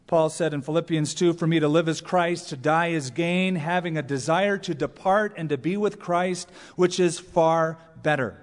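A man preaching a sermon as pastor, animated, with playful asides and mock voices. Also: fairly high pitch, moderate pace, hardly any pauses. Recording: long church reverb.

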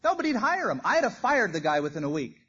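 A man's voice: high-pitched, sing-song, quick pace, sharp tone, husky. A man preaching a sermon, telling stories with animation and acting out the quoted lines. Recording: dull lo-fi recording.

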